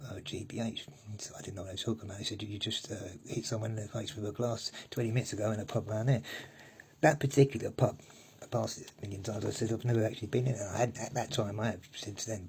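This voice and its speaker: A man's voice: fairly low pitch, warm tone, a little hiss or hum, rough recording. A man, talking straight to camera in a sweary, rambling rant and tagging "yeah?" onto his sentences. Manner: sweary, ranting, repeats "yeah?". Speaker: vlogger. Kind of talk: angry rambling monologue.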